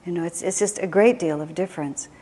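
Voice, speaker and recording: With a lowish, dark-toned voice and a quick pace, this spiritual teacher from the United States leads her class conversationally and reflectively. She often restarts sentences, and a long hall reverb surrounds the recording.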